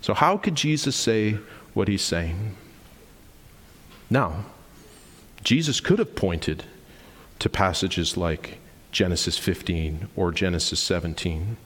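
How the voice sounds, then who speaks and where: A man's voice: low voice, expressive, takes it slowly, long pauses, fairly bright tone, big-room sound. A man in his forties preaching a sermon, emphatic and explanatory, posing rhetorical questions to the congregation. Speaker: pastor.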